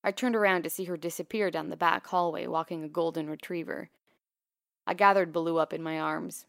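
A woman narrating a first-person memoir in a quiet, measured, intimate way. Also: lowish voice, fairly even intonation, creaky, no echo, studio quality.

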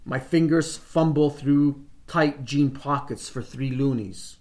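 Slow, deliberate man reading a story. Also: medium pitch, fairly even intonation, darkish tone. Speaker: reader. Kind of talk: reading a first-person short story aloud.

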